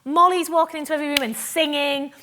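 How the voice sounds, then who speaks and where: A woman from Cumbria, a guest on a live festival stage, chatting in an animated, self-mocking way, laughing often and acting out what others said to her. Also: sits high, quick pace, noisy background. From Cumbria, England. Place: festival stage before an audience. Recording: live stage mic with audience ambience.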